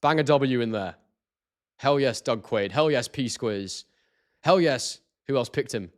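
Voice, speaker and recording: Excitable man hosting a live stream. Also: mid-range voice, a little slow. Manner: excitable, chatty, reads chat aloud. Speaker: boxing stream host.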